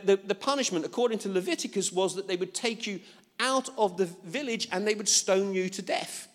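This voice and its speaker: A man preaching a sermon in a casual, conversational way with playful asides. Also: high voice. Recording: long reverb of a hall.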